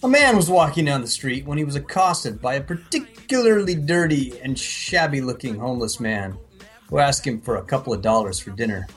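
A man co-hosting a comedy podcast, telling a joke in a dry, deliberate way. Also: mid-range voice, expressive, fairly bright tone, slightly rough, faint music behind. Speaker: podcast co-host.

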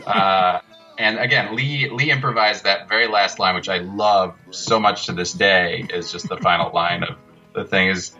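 A man's voice: low voice, steady tone, normal speed, sharp tone, lo-fi sound, soft background music. A man, a guest filmmaker, telling loose, laughing stories in a casual interview.

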